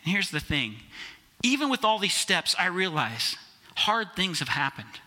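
Male pastor, conversational sermon delivery, fairly high, very bright tone. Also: very animated, unhurried. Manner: conversational, addresses listeners as guys.

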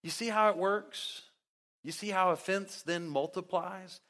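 Animated, sarcastic male preacher. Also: measured pace. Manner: conversational, sarcastic, acts out quotes; big swings in pitch and loudness. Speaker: pastor. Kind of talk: sermon.

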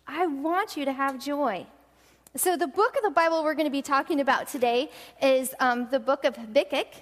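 A woman pastor giving a sermon, telling personal stories in an animated way and often laughing. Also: high-pitched. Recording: long hall reverb.

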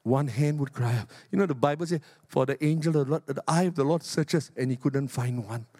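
Older man, Singaporean English accent, pastor, sermon, emphatic, soft-to-loud swings, dry close sound. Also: brisk, no echo. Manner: emphatic preaching that swings between loud high exhortation and soft low asides.

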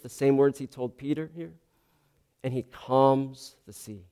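A man's voice: medium pitch, fairly even intonation, a little mellow, clear, resonant tone. A man preaching a sermon, earnest and explanatory, often restarting his sentences. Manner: slow, earnest, with frequent restarts and ums.

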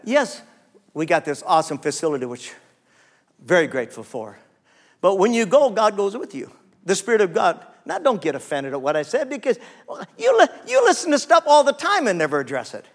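A man's voice: sits high, wildly swooping pitch, a little fast. A man preaching a sermon as pastor, reading scripture aloud and calling on the congregation for amens.

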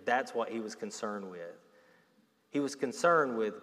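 A man delivers a sermon in a mid-range voice, earnest and expressive, his intensity swelling and easing. His words ring out with a long reverb, as if from a large hall. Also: medium pitch, measured pace. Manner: earnest preaching, rising and falling in intensity. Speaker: pastor.

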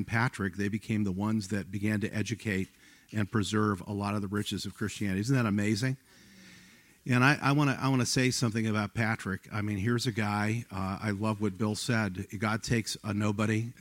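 A pastor preaching a sermon in a church, earnest and exhorting the congregation. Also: male voice, fairly low pitch, fairly even intonation, moderate pace, no room sound.

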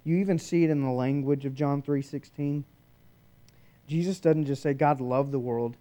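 A man preaching a sermon, shifting between loud emphatic declarations and hushed, quiet passages. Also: mid-range voice, fairly even intonation, moderate pace. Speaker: pastor.

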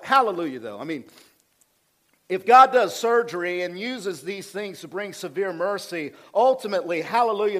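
Male pastor, higher-pitched, call-and-response sermon delivery with hushed lows and fervent peaks. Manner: calls for amens, swings from hushed to rising fervor.

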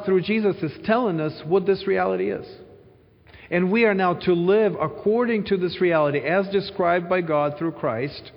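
A man preaching a sermon, explaining Scripture earnestly and repeating key phrases for emphasis. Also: on the high side. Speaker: pastor. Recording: muffled sound with long hall reverb.

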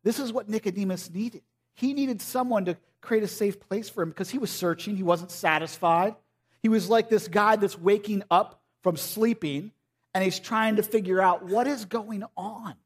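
A man with a high voice preaching a relaxed, chatty sermon. He talks to the congregation like friends and often slips into playful impressions of the people he quotes. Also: moderate pace. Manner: casual and conversational, often acting out quoted voices. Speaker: pastor.

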